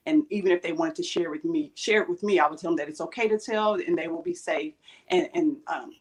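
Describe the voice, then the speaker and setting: A woman's voice: on the low side, fast talker, husky. A woman guest on a talk show, answering earnestly and directly about her life. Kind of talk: interview answers.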